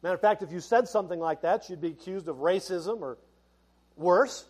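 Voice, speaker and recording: High-pitched middle-aged guy preaching, folksy and chatty, laughs a lot. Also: a little fast, darkish tone, husky. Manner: folksy and conversational, with laughs and restarts. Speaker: pastor. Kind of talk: sermon.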